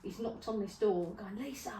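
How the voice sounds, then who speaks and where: A middle-aged woman spins funny stories in a casual podcast chat, animated and quick to laugh and swear. Her voice sits fairly high. It sounds roomy and a bit distant from the mic, with faint noise behind. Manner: animated storyteller, laughs often, swears freely. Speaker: podcast co-host.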